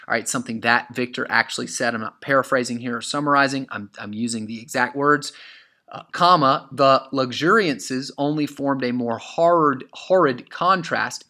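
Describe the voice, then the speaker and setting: A man's voice: medium pitch, sharp tone. A man teaching an English class over a screen recording, asking and answering his own questions with many "uh"s and "okay?" checks. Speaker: high school English teacher. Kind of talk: screen-share lesson.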